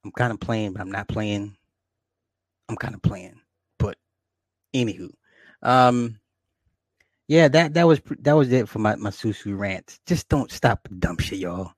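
A man's voice: fairly low pitch, animated, unhurried, pauses often, dry recording. A man delivering a profane, boastful comedic rant to his viewers, repeating himself and laughing often. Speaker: vlogger.

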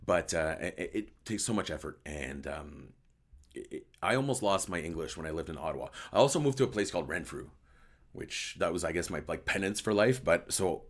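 A tired, hoarse male host with a slight French-Canadian accent, chatting casually and rambling as he answers a live chat. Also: sits low, animated, fairly quick. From Quebec, Canada. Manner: rambling, self-deprecating, switches between English and French.

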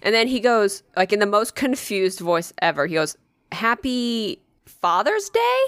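A woman's voice: medium pitch, expressive, moderate pace, no echo, clean studio sound. A young woman co-hosting a podcast, telling rambling, profane stories in casual chat with lots of fillers. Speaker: podcast co-host.

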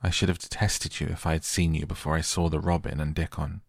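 A blunt, stubborn young girl from a storybook, as a man reads her. The voice is deep, even and gravelly, and it talks in a plain, earnest way. The sound is dry and close. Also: fast, no echo, exaggerated voice.

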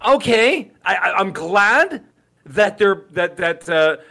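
Bright, emphatic middle-aged man. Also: high-pitched, slow, vocal fry. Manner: emphatic, excitable, stumbles and repeats words. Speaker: podcast co-host. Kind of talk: casual chat.

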